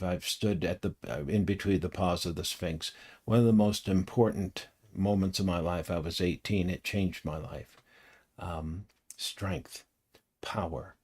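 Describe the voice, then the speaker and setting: A middle-aged man talking casually about tarot cards, rambling from one anecdote to the next. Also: sits low. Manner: rambling, anecdotal, animated when telling stories. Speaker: tarot reader and teacher.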